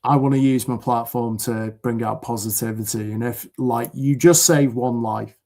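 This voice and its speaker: A man's voice: mid-range voice, fairly even intonation, normal speed, darkish tone. A man from the UK, a podcast guest, talking in an earnest, rambling way with many fillers over a video call. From United Kingdom. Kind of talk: casual chat.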